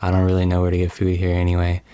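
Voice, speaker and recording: A man's voice: low voice, monotone, racing, dark tone, clean tone, no echo, close to an everyday voice. A man voicing an awkward, hesitant young space traveler in a mocking game recap.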